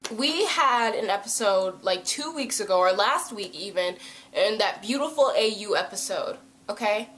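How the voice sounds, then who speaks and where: A woman chatting casually through a TV episode recap, animated, jumping into loud high voices to act out lines. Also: normal speed. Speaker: TV episode reviewer. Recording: roomy echo.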